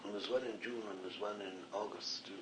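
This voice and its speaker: A man's voice: fairly low pitch, steady tone, fairly quick, fairly bright tone. A man with a slight Scottish accent speaking as a spirit communicator at a séance, earnest and rambling. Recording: echoey, distant old archive recording with faint hiss.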